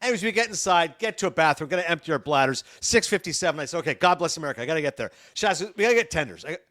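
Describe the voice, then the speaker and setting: A middle-aged man, a sports broadcaster guesting on a podcast, telling animated stories and acting out the dialogue. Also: fairly high pitch, rapid-fire. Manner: animated, acts out dialogue in his anecdotes. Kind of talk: podcast storytelling.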